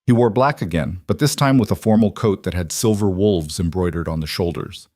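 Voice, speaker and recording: A man reading scripted audiobook narration in a measured, even storytelling manner. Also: low voice, dry recording, studio quality.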